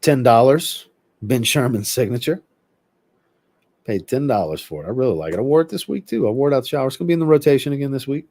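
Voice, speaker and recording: A man hosting a livestream and chatting casually, reading viewer comments aloud and answering them in a relaxed, rambling way. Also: medium pitch, quick pace, dry recording. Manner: relaxed, rambling, with filler words. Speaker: host.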